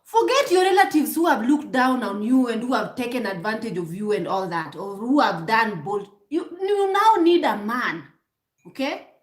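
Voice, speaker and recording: Her voice sits on the high side and is very animated, moving at a normal speed in a reverberant space. This Kenyan vlogger lectures her viewers on relationships in a direct-to-camera monologue, emphatic and preachy, tossing in rhetorical "hmm?" questions and frequently starting over.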